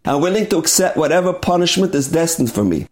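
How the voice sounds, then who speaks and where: A man voicing an earnest young rabbi explaining himself slowly and from the heart. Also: fairly high pitch, lively intonation, a little mellow, voice pushed up, close to an everyday voice. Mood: heartfelt. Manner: slow, heartfelt.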